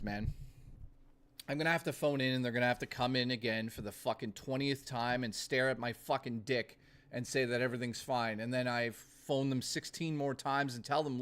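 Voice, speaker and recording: A young adult man chatting casually on a live stream, ranting with lots of swearing and quick laughs. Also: medium pitch, a bit bright. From Canada.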